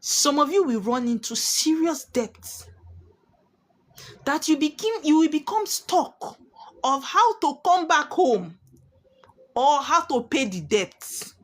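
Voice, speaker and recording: A woman's voice: high voice, big pitch swings, slow pace. A woman, a spiritualist delivering emphatic, preachy warnings straight to her viewers and repeating key lines for weight. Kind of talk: prophetic monologue to viewers.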